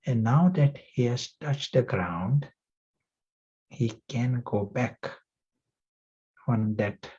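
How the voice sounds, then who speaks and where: A male spiritual teacher giving a class, reflective and gentle, telling a parable and asking his listeners questions. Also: medium pitch, slow, pauses often, husky. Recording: muffled lo-fi recording.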